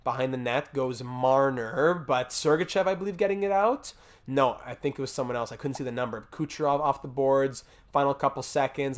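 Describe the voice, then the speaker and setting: A man streaming a hockey video game, calling the action like a sportscaster and chatting with viewers between plays. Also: a little high. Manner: mock sportscaster calls, asides to chat. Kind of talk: play-by-play commentary while gaming.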